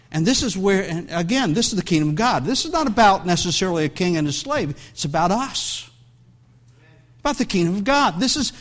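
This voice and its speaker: A man's voice: sits high, a bit bright. A man preaching a sermon as pastor, reading scripture aloud and breaking into conversational asides, with many restarts.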